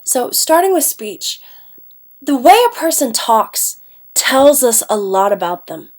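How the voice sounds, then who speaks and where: Slowly and with big pitch swings, a slightly high female voice delivers a recorded class lecture. She's an Ohio English teacher with a stuffed-up nose, chatty and often asking "okay?".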